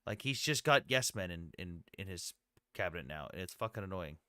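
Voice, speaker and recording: A man's voice: deep voice, lively intonation, brisk, sharp tone, clean tone, dry recording, studio quality. A man hosting a live debate stream, talking casually with blunt, profane asides.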